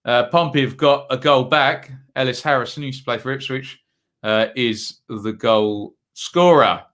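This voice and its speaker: Chatty bright-voiced man hosting a watchalong. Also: medium pitch, normal speed. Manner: chatty, reads out viewer comments between match updates. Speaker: live stream host. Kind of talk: casual football watchalong commentary.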